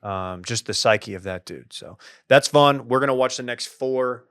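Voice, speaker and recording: Dude cohosting a sports pod, smooth clear voice, jokey and animated, dry close mic. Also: male voice, mid-range voice, normal speed, no echo. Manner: animated, joking, laughs often. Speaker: podcast co-host leading the segment. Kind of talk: casual sports chat.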